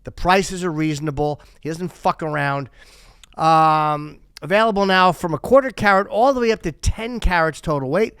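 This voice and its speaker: A man in his fifties with a fairly high, smooth, resonant voice reads sponsor ads live on a podcast. He keeps drifting off script into crude, sarcastic asides. The sound is dry and close. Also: normal speed, a bit bright, dry recording. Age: 50s. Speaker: podcast host.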